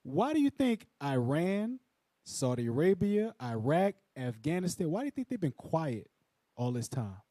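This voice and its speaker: A man adding commentary in a preaching Bible lesson, animated and slangy. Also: on the high side, normal speed, dry recording.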